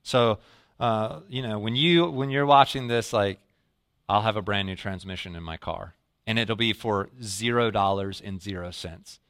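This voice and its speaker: A man giving a sermon in a relaxed storytelling way, his voice bright and forward. He sometimes sinks low and soft to act out his own reactions. The sound is close and dry, with no room echo. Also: moderate pace. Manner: storytelling, drops to a low quiet voice when quoting himself. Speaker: pastor.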